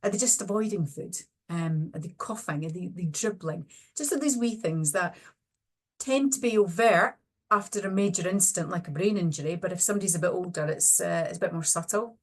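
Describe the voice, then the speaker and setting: Speaking fairly quickly in a fairly low voice, a middle-aged speech and language therapist presents a webinar online. She walks through her slides using practical clinical examples.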